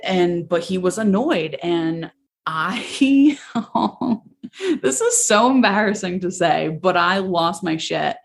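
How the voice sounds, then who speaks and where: A woman's voice: lowish voice, slow, gravelly. A young woman hosting a podcast, candidly telling a personal story in a casual, emotional way, with many "like"s. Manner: candid, emotional, says "like" often. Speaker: podcast host.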